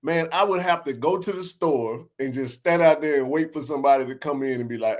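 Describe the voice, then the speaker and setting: A man's voice: on the high side, brisk, hardly any pauses. A man in his forties hosting a sports podcast, telling neighborhood stories in a laughing, slangy way. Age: 40s. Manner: laughing, animated storyteller with slang. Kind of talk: casual storytelling chat.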